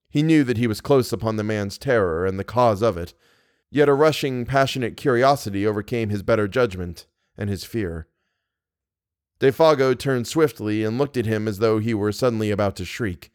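A man reading a horror story aloud in a measured, grave way. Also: fairly low pitch, no room sound, studio quality. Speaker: podcast narrator. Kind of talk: scripted narration of a horror story.

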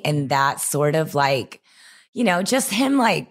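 Low-voiced woman telling animated stories. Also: normal speed. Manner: animated, expressive storytelling. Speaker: guest, entrepreneur. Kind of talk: casual interview storytelling.

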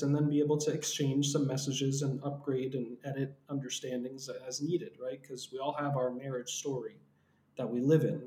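A man hosting a podcast conversation, steady and reflective, now and then pausing on filler words. His voice sits at a middle pitch. The recording carries a noticeable roomy echo. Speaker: podcast host.

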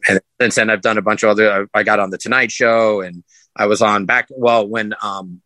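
Fairly quick and lowish in pitch, his voice carries casual, rambling podcast stories from his work as a sideshow performer. He gets animated, acting out people's words loudly, on a rough recording without room sound.

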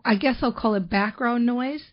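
A woman's voice: on the high side, moderate pace, dull audio. A woman hosting a podcast, chatting enthusiastically and filling her talk with "like" and "you know". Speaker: podcast host. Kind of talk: casual interview chat.

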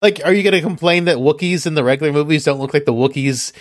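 A man hosting a podcast in casual chat, rambling and halting and chuckling often. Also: fairly high pitch, steady tone, no room sound, studio quality. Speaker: podcast host.

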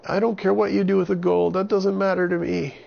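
A man's voice: little pitch movement, fairly quick, creaky. Avon, a panicky young boy, as a man puts him on. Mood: pleading. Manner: high, pleading and panicky. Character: frightened young boy pleading with pirates. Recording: dull lo-fi recording with faint hiss.

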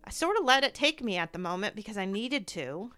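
Her mid-range voice is sing-song, sharp, clear, and resonant, and she talks a little fast. She works in medicine and hosts a candid grief conversation, telling stories with deep feeling and performing quoted voices.

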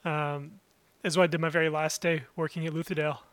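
A man's voice: a little high, little pitch movement, quick pace, dry recording. Upbeat young man, dry close sound. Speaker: podcast co-host. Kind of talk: casual chat.

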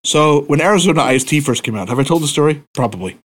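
A man spins stories on a casual podcast, swearing freely. His voice sits a bit high and swings widely in pitch. He talks with constant animation. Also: lively intonation, fast, fairly bright tone, a little hiss or hum. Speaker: podcast co-host. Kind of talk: casual chat, storytelling.

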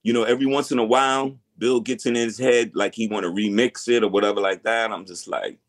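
A man's voice: lowish voice, fairly even intonation, brisk. Laid-back man talking slang. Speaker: guest. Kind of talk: casual interview chat.

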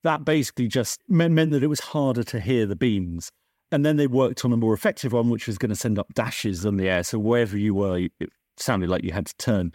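A man, a science journalist, explaining history in a conversational podcast interview with lively swings in his delivery and frequent restarts. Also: fairly quick, dry recording, clean studio sound. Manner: animated storyteller, lively pitch swings, self-correcting restarts. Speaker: science journalist and author, guest.

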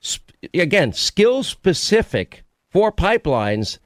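Conversational talk-radio host, dry. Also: male voice, sits high, big pitch swings, slow, dry recording. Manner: conversational storytelling, interrupting with questions.

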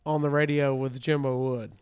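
A man's voice: mid-range voice, little pitch movement, normal speed, darkish tone, smooth. A man, a radio host in casual chat, tossing in playful quips. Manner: playful interjections, mock British quips.

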